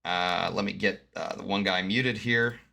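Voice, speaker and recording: A man's voice: sits low, steady tone, a little slow, vocal fry. A man commentating for a gaming league, interviewing a player over voice chat in a friendly, chatty way. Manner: friendly, laughs easily, chatty. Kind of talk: casual post-game interview on stream. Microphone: voice chat mic.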